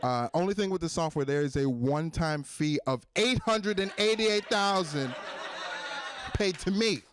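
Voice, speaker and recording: A man doing a stand-up comedy set on stage, animated and acting out characters in a high squeal. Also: moderate pace, background noise. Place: stage in front of a live audience.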